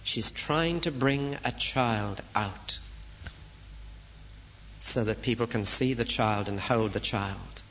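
Slow, earnest male preacher on old tape. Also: mid-range voice, fairly bright tone, slight background noise. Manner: slow, earnest, pleading teacher. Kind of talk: expository sermon. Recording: dull lo-fi tape recording.

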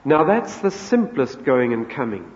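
A man's voice: mid-range voice, sing-song, measured pace, a little mellow. A man preaching a sermon in an earnest, storytelling manner, lifting his voice as he voices quoted words. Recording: echoey hall, dull lo-fi sound.

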